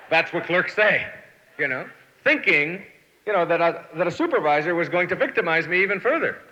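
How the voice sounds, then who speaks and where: A man gives a motivational talk, telling anecdotes and acting out each person in them. His voice is bright and swings widely in pitch. The recording is dull and lo-fi, with a long echo from a large hall. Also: lively intonation, fairly quick, slight background noise. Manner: storytelling, acts out quotes and reads poetry aloud. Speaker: motivational speaker and author. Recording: echoey hall, dull lo-fi sound.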